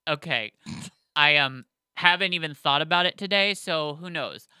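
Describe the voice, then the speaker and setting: An excitable man co-hosting a podcast, rambling with lots of fillers. His voice is bright and crisp on a dry, close mic. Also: fairly high pitch, moderate pace, no echo. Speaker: podcast co-host. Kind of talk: casual podcast chat.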